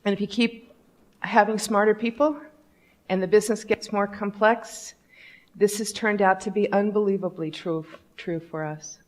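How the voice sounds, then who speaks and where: A woman's voice: medium pitch, steady tone, normal speed. A woman giving a conference talk on company culture, speaking bluntly and candidly in a conversational way.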